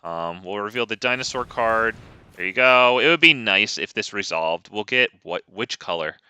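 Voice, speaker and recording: A man's voice: fairly low pitch, animated, normal speed, pushed and bright, clear, resonant tone, no echo. A young man giving casual, wry gameplay commentary with lots of ums, close to a desk mic.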